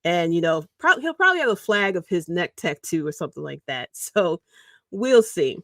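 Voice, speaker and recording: A woman hosting a casual livestream, talking in a rambling, animated way and chuckling mid-sentence. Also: lowish voice, normal speed, no room sound, clean studio sound. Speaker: podcast host.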